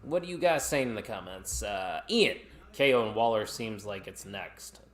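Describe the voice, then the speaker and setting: A man's voice: lowish voice, lively intonation, moderate pace, a bit bright. A man co-hosting a live watch-along stream, chatting casually and reacting to the action while reading viewer comments.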